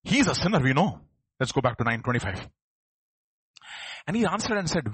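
Animated male preacher, husky voice. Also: fairly high pitch, moderate pace, long pauses, dry recording. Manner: acts out quoted voices and builds to emphatic outbursts. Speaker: pastor. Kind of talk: sermon.

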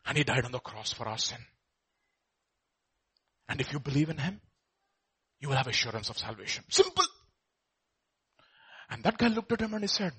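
A man preaching a sermon, telling a story and acting out its voices, swinging from loud to hushed. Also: high voice, husky.

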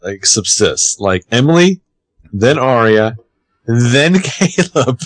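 A man's voice: mid-range voice, slow pace. Chatty man recapping a show. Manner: chatty, animated, swears casually. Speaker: podcast co-host recapping a TV episode. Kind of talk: casual chat.

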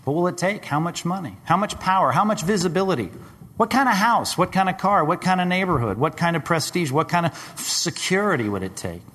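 A man preaching a sermon, dramatic, rising to loud high questions and dropping to hushed low tones. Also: animated, a little fast. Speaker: pastor. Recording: long hall reverb.

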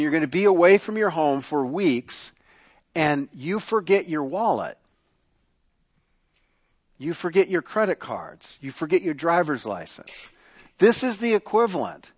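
A man's voice: high-pitched, dry recording. A man preaching a sermon, opening with a prayer, then teaching animatedly and acting out the people in the passage. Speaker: pastor.

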